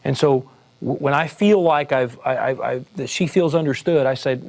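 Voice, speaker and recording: A man, a police sergeant, telling a story in a relaxed, conversational way with frequent fillers and restarts. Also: medium pitch, normal speed. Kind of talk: storytelling talk.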